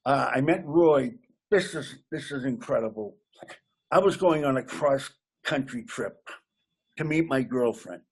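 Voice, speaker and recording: A man from Massachusetts, a comedian guest telling a lively anecdote. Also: medium pitch, measured pace, slightly rough. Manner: animated anecdote teller, laughs along. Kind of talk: casual storytelling.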